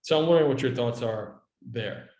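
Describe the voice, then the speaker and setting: A man leading a team meeting, asking relaxed questions about how an app feature should work. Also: medium pitch, moderate pace. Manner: relaxed, asks questions, laughs easily. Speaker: meeting lead. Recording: echoey room.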